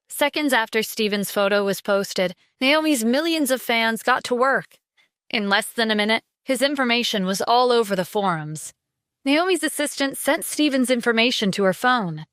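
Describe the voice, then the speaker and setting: A woman narrating a scripted audio drama with steady storytelling. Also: on the high side, normal speed, clean tone, no echo, studio quality.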